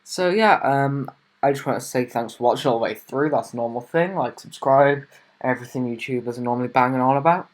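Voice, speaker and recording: A man's voice: mid-range voice, a little fast. A young man hosting a casual car review vlog, talking in a rambling, chatty way with plenty of fillers.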